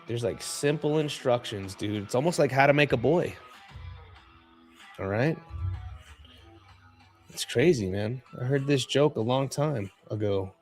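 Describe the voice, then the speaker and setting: A man's voice: medium pitch, a little slow, long pauses, darkish tone, faint music behind. A man hosting a live trading stream, talking in a loose, laid-back way and filling his talk with "dude" and "man". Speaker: livestream trading host. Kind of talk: casual livestream chat.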